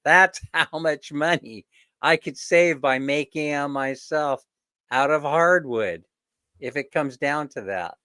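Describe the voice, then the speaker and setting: A man's voice: fairly high pitch, slow, sharp tone, clear, resonant tone, no room sound, studio quality. A man hosting a casual live chat with viewers, telling stories, chuckling often, and mimicking the people he quotes. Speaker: host.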